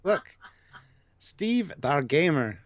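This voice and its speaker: A man co-hosting a live stream in a relaxed, casual way, reading out viewer donations and messages. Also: on the high side, extremely slow, no echo, highs cut off.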